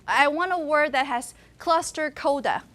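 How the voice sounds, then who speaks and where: High-voiced woman lecturing. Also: a little slow, fairly bright tone. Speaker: university linguistics lecturer. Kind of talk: classroom lecture. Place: classroom.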